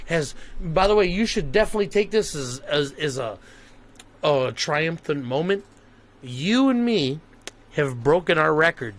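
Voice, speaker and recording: A man's voice: fairly high pitch, a bit bright. Joking male podcast host. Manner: joking, loose banter. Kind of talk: casual podcast chat.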